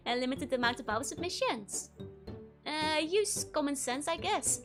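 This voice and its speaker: A woman's voice: high-pitched, expressive, slow, pauses often. A woman streaming a video game, chatting casually with her chat and giggling a lot. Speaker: VTuber streamer. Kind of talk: casual let's-play commentary. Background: game music.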